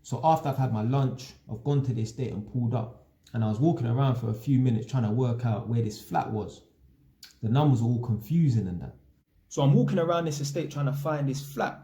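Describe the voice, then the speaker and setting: A man's voice: mid-range voice, brisk, echoey room. A young man, telling a casual, slangy story about his work as an electrician and acting out the people in it. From England. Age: young adult. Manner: slangy, animated, acts out quoted people.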